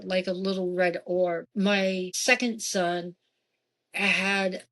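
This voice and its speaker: Woman telling a ghost story. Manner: animated, jumping in pitch for quoted voices. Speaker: guest. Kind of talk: casual storytelling.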